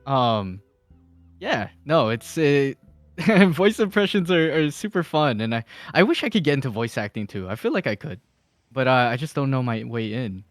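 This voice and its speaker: A man's voice: medium pitch, animated, normal speed, no room sound. A man talking as a podcast guest in casual chat, rambling with fillers and restarts and laughing often. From Philippines.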